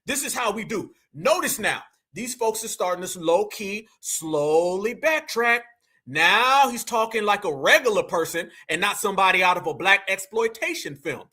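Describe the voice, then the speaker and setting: A man hosting a live commentary show, mocking clips in animated slang. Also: sits high, normal speed. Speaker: host.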